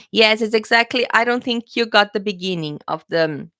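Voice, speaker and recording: A woman English teacher from Brazil with a Brazilian accent, chatting through a live-stream Q&A. She talks casually and keeps checking in with her viewers. Her voice is bright and forceful, recorded close and dry. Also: mid-range voice, moderate pace, hardly any pauses, no room sound.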